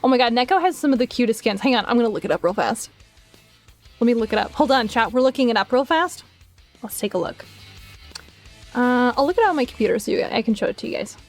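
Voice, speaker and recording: A young woman streaming live, chatting casually to her viewers, giggly and gushing, swearing now and then while she thinks out loud. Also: on the high side, expressive, fast talker, faint music behind. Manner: thinks aloud while searching on her computer. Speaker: art streamer.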